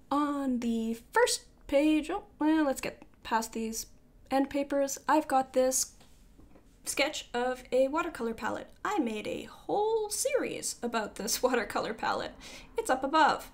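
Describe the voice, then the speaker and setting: A woman recording a casual voiceover for her vlog, talking quickly and rambling, with self-deprecating asides and many fillers. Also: sits high. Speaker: artist giving a sketchbook tour. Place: home art studio. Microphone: voiceover microphone.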